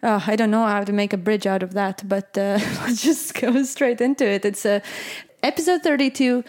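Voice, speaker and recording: A woman from Latvia, hosting a casual podcast chat, hesitant with many fillers and restarts and quick to laugh. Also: mid-range voice, a little mellow. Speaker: podcast host.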